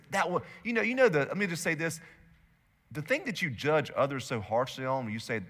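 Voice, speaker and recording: A male pastor delivers a sermon in a bright, forceful voice. He swings between loud emphatic bursts and hushed, intimate stretches. His words ring out with the long reverb of a large church hall. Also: medium pitch, expressive, fast.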